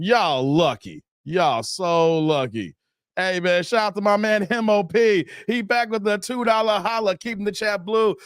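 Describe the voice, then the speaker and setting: A man's voice: high voice, a bit bright, no echo, studio quality. A man hosting a live stream, joking and laughing while reading chat aloud. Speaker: livestream host.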